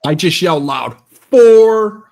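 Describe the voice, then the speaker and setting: A man with a slightly high voice tells stories in casual banter. He is blunt and crude, and he acts out the lines of the people he talks about. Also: animated, moderate pace, a bit bright. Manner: crude, blunt storyteller who acts out quotes. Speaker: podcast co-host.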